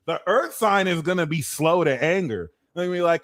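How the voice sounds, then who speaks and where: A man giving a casual astrology monologue, swearing freely and acting out quick impressions. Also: a little high. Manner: animated, swears, acts out impressions. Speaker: astrology reader.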